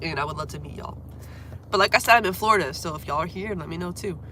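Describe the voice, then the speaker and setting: At a quick pace and in a sharp tone on the low side, a young singer chats casually during a livestream from home. She has a cold, sounding congested, and apologizes as she coughs; a little hiss or hum runs underneath.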